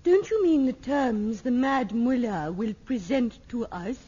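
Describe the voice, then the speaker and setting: A wooden amateur actress delivers melodrama lines slowly and stiltedly. Her voice is fairly high yet mellow, rising and falling in a lively way, on a dull lo-fi old radio recording. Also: breathy edge. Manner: stilted, wooden line reading. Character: stiff young female amateur actress reading a melodrama part. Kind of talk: 1960s radio sitcom acting.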